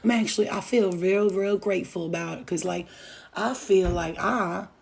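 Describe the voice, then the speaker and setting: A woman's voice: medium pitch, moderate pace, vocal fry, darkish tone. A woman giving a casual channeled message to the viewer, emphatic and reassuring, swearing freely and repeating phrases for weight. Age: adult with a child. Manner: speaks straight to the viewer, reassuring. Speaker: spiritual reader channeling messages.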